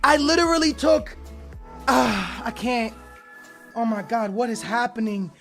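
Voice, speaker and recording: A young man opening game card packs, excitable and stammering, his voice shaky with excitement as he keeps calling out to his viewers. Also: very high-pitched, unhurried, soft background music. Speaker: gaming YouTuber. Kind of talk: excited pack-opening commentary.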